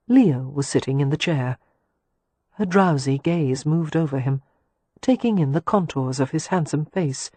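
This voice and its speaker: A woman narrating a romance audiobook in a calm, measured reading. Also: sits low, slightly rough, no room sound. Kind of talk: scripted narration.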